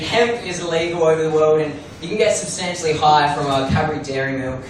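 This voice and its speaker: A man's voice: on the high side, steady tone, fast. A young man doing open mic stand-up comedy in a club, rambling and self-deprecating, swearing freely. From Australia. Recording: roomy distant club recording, noisy.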